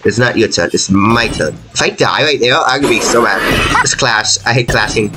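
A man's voice: mid-range voice, a little fast, very noisy. A young man giving live commentary on his own gameplay, frantic and pleading, often mocking himself. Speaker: gaming YouTuber. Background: game music.

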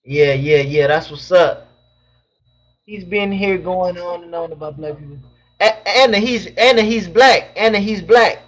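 A young man with a high voice hosts a casual live stream from home. He reads chat questions aloud and answers them in loose, slangy banter. His webcam mic sounds dull and lo-fi. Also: measured pace. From Southern California.

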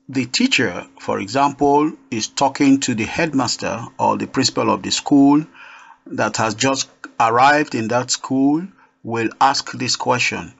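A man teaching a beginners' French lesson, explaining slowly and repeating each phrase for practice. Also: mid-range voice, vocal fry, fairly bright tone. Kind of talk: spoken language lesson. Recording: dull lo-fi recording.

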